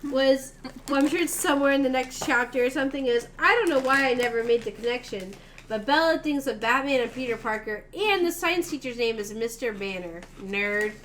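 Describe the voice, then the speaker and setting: A woman hosting a casual book club podcast, chatting and laughing, with loud outbursts. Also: high voice, brisk, a little hiss or hum. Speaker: podcast host.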